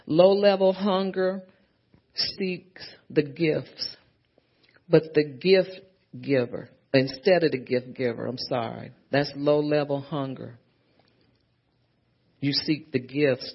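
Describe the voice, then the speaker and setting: A woman's voice: extremely low pitch, slow, pauses often, slightly rough. A woman preacher delivering a sermon, punctuating her points with frequent amens and hallelujahs and repeating phrases as she builds them. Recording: dull lo-fi sermon recording.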